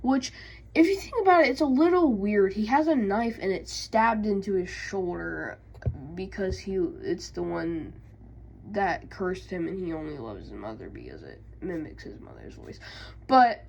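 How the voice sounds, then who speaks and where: Woman, unhurried delivery, hesitant, lots of fillers, casual lore recap. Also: mid-range voice, very animated, creaky, a little hiss or hum, low-quality recording. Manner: hesitant, many fillers and self-corrections. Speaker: YouTube creator.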